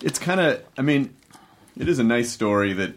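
A man's voice: mid-range voice, animated, normal speed. A man hosting a casual interview, asking questions and joking along, swearing freely. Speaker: podcast host.

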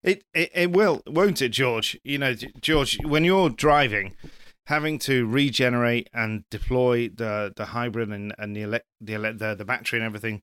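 A man's voice: medium pitch, normal speed, a bit bright, smooth, no room sound. A man co-hosting a casual rally chat, rambling and joking, often correcting himself mid-sentence. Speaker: podcast co-host.

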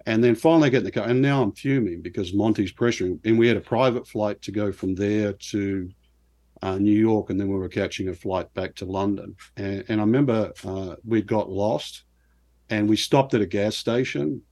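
A middle-aged man from New Zealand, a former pro golfer, telling lively, self-deprecating stories as an interview guest. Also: fairly low pitch, moderate pace. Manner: animated anecdotes with self-deprecating laughs. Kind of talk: casual storytelling interview.

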